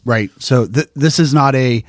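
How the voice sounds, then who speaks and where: A man co-hosting a podcast, talking in halting casual chat with dry quips. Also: mid-range voice, no room sound. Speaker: podcast co-host.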